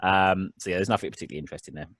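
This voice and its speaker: Low-pitched male GM, loose and meandering, recorded dry. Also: very fast, fairly bright tone, no echo. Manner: rambling, full of ums and restarts. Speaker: game master. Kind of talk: narrating a tabletop game.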